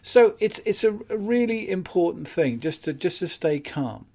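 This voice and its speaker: A man teaching phone appointment-setting in a calm, matter-of-fact way, with light chuckles. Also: high voice, normal speed. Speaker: business skills trainer. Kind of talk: instructional talk on phone sales.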